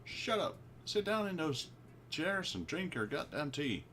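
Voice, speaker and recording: A man doing a gruff, cussing rocket captain. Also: a little high, sing-song, fast, a little hiss or hum, voice pushed up. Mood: barking. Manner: barking, impatient, swearing. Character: gruff foul-mouthed male rocket captain.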